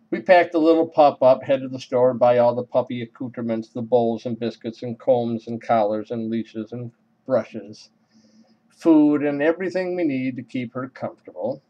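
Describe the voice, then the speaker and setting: A man telling a humorous personal story with wry, deadpan comic timing. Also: medium pitch. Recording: dull lo-fi recording.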